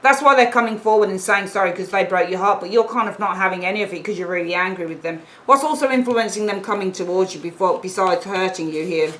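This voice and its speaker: Woman, tarot reader, casual emphatic delivery, average pitch. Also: fairly bright tone, poor audio. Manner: chatty, emphatic, repeats points, acts out little quoted exchanges. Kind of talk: casual tarot reading to camera.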